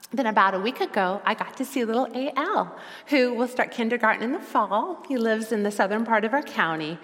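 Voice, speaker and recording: A middle-aged woman giving a sermon as a lay preacher, earnest and reflective, slowing down for quoted scripture. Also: medium pitch, a bit bright, in a large hall.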